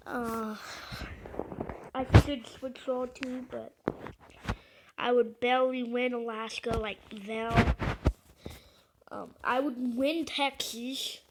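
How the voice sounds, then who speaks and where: Talking over an election map with background noise behind her, a woman with a slightly high voice rambles hesitantly, leaning on fillers. This video creator keeps cracking joking, self-deprecating asides.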